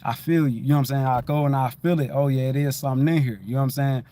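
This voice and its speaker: Man, middle-aged, rambling livestream talk, laid-back, average pitch. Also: steady tone, rapid-fire, mellow. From Detroit, USA. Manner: rambling, keeps repeating "you know what I'm saying"; laid-back, loose and conversational. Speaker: livestream host. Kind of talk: casual spiritual livestream monologue.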